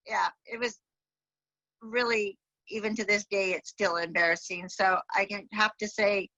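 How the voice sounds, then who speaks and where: A woman, a deafblind entrepreneur, giving a convention talk with animated storytelling and voiced quotes. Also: medium pitch, no room sound, highs cut off. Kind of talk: storytelling speech. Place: home, remote convention talk.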